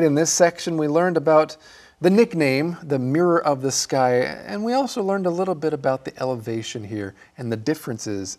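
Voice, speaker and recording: A man's voice: a little high, darkish tone. A man co-hosting an English lesson, explaining phrases in a friendly, emphatic way. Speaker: English teacher, co-host. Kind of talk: scripted language lesson.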